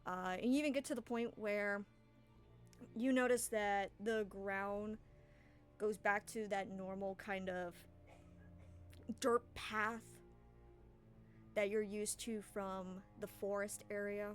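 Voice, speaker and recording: A woman's voice: medium pitch, fairly even intonation, takes it slowly, long pauses, faint music behind. Casual rambling woman game master. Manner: casual, rambling, with fillers and laughs. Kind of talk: narrating a tabletop game.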